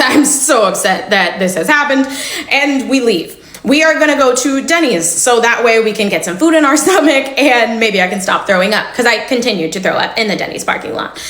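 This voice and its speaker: Young woman doing a storytime, high voice, animated and gossipy, kinda roomy echo. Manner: chatty, animated retelling with laughs. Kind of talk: casual storytime. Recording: echoey room.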